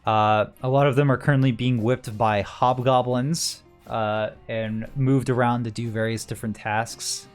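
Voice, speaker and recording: A man narrating a tabletop game as game master, in a relaxed way with many "uh" fillers. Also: medium pitch, unhurried, few pauses, smooth, faint music behind.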